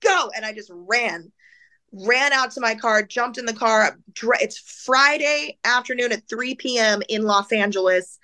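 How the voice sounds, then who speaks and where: A woman speaking as an interview guest, telling an emotional personal story in casual, animated speech full of "like"s and acted-out voices. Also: a little high, measured pace. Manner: animated, acts out the voices of people in her story; casual, filler-heavy speech with many "like"s.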